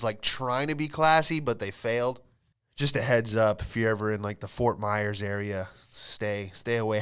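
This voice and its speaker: Male podcast host, smooth clear voice, profane and exasperated storyteller. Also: medium pitch, a bit bright. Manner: profane, rambling and exasperated, with frequent laughs. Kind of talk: casual storytelling monologue.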